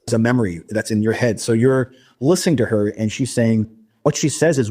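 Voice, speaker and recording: A man recounting a personal experience in a halting, casual interview style, with frequent restarts. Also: mid-range voice, mellow, slightly rough. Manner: halting, many restarts and fillers. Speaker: guest recounting an abduction experience.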